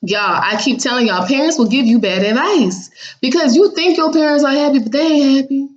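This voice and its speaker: A vlogger with a high, fairly quick voice and lo-fi sound casually tells her viewers about a dream. She's blunt and sassy, acting out what people said in raised voices.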